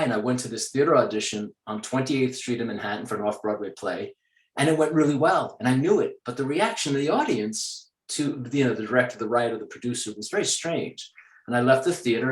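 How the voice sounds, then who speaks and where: Man speaking in an echoey room. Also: mid-range voice. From New York. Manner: explanatory, breaks into accent demonstrations. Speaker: actor being interviewed. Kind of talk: interview conversation. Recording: roomy echo.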